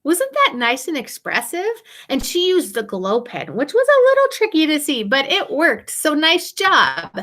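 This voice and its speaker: Lively, high-voiced woman teaching music. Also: normal speed, hardly any pauses. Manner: bright, sing-song and encouraging, with playful exaggerated wonder. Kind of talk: recorded video lesson for young children.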